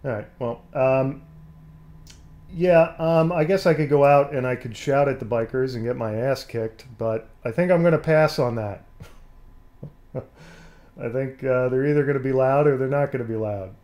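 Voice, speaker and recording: A man's voice: medium pitch, moderate pace, a little mellow. A man hosting his own live stream from home, rambling casually with lots of fillers, his voice a bit scratchy and nasal from allergies. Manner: rambling, self-deprecating, many fillers. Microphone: desk mic.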